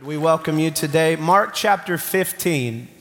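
A man's voice: fairly high pitch, measured pace, soft background music. Man preaching in a church hall. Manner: builds from calm Bible reading to shouted preaching. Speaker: pastor. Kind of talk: sermon.

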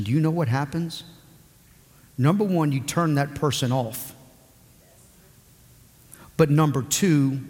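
A man's voice: medium pitch, darkish tone. A male pastor delivering a sermon, moving from a personal story to emphatic preaching. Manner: storytelling with acted quotes, then emphatic preaching. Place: church sanctuary. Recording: long hall reverb.

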